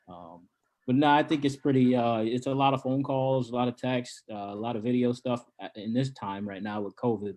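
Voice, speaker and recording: Low-voiced laid-back wrestling coach. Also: male voice, a little mellow. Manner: laid-back, many ums and repeated starts. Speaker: college wrestling coach and recruiter. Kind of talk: casual interview answers.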